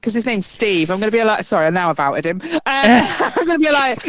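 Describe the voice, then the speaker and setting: A woman's voice: high-pitched, normal speed, hardly any pauses, no echo. A woman co-hosting a podcast, telling stories in casual chat with lots of giggling. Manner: giggly, animated storytelling. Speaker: podcast co-host.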